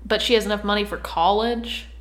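A woman in her thirties co-hosting a podcast in casual chat, teasing and quick with quips. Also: mid-range voice, fairly even intonation, echoey room. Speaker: podcast co-host.

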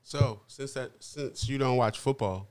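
A man's voice: medium pitch, measured pace, a little mellow. Laid-back man guesting on a podcast. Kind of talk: casual chat.

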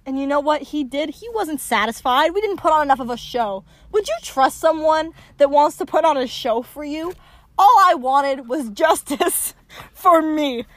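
Podcast co-host, woman, high-pitched, giggly, prone to loud indignant outbursts. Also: lively intonation, normal speed, no echo. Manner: playful, giggly, loudly indignant. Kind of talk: casual mock argument.

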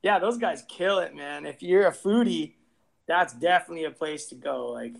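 A man's voice: on the high side, normal speed, creaky, poor audio. A laid-back man, chatting casually as a brewery owner on a video call. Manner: laid-back, says "man" often, laughs easily. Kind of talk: casual interview chat.

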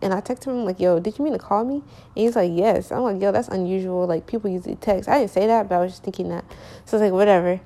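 A woman's voice: medium pitch, fairly even intonation, quick pace, dark tone. A young woman casually telling a long personal story, rambling with lots of fillers and slang, correcting herself as she goes, sleepy and yawning.

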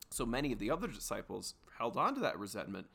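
A man co-hosting a casual comedy podcast, his voice sitting at an ordinary middle pitch. He spins absurd made-up history in a deadpan, mock-serious tone, stalling with ums and uhs along the way. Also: fast talker, vocal fry, breathy edge. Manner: deadpan mock-serious storytelling with many fillers. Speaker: podcast co-host.

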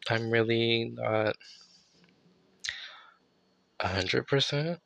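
A raspy, gravelly-voiced man hosts his own podcast, sounding tired and not fully well. He talks slowly and loosely, rambling and doubling back on himself. The recording is dry and close, with little room sound. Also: mid-range voice, a bit bright, no room sound, dull audio. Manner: laid-back, rambling, self-correcting. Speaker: podcast host. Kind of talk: casual solo podcast monologue.

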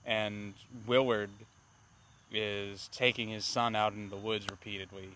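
A man co-hosting a casual movie review podcast, talking in a rambling, animated way with plenty of swearing. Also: fairly low pitch, unhurried. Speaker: podcast co-host.

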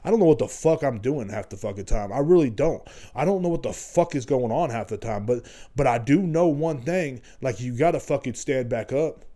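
A man in his thirties hosting a solo podcast, talking in a rambling, profane monologue that swings between loud ranting and low muttering. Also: expressive, fairly quick, hardly any pauses. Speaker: podcast host.

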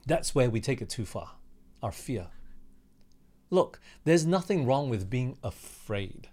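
A man's voice: mid-range voice, a little mellow. A young man from Australia who leads a Bible study in a conversational sermon style, often asking his listeners questions and acting out what people said. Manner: conversational, asks the listener questions, acts out quotes. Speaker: pastor leading a Bible study.

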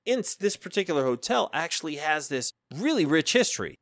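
A man's voice: on the high side, big pitch swings, a little fast, a bit bright, no echo, clean studio sound. A man hosting a podcast in a casual, rambling monologue, swearing freely, laughing often and acting out quoted dialogue. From Florida, US. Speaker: podcast host.

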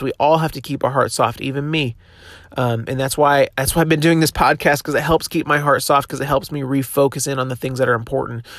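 A man's voice: mid-range voice, no room sound, clean studio sound. Casual young man giving a devotional podcast. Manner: conversational, encouraging, many fillers and restarts. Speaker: podcast host.

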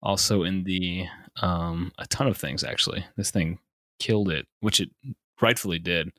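A man co-hosting a casual movie podcast, relaxed and playful. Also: low voice, moderate pace, dry recording, clean studio sound. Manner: casual, playful, acts out quotes. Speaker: podcast co-host.

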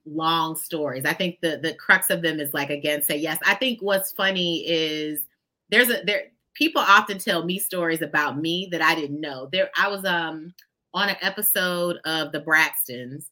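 Woman, lower voice, bright tone, expressive storyteller, folksy guest. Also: moderate pace. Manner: expressive, folksy, addresses listeners as "y'all". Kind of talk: conversational storytelling.

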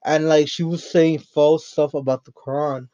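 This podcast host, a man on his first episode, talks at a moderate pace in a warm, slightly high voice that stays level. His unscripted solo chat meanders, packed with swearing and humor, and the sound quality is dull and lo-fi.

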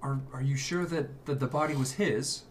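A man's voice: mid-range voice, normal speed, slight background noise. A man playing his character in a tabletop game, asking urgent questions with stammering restarts. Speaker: player.

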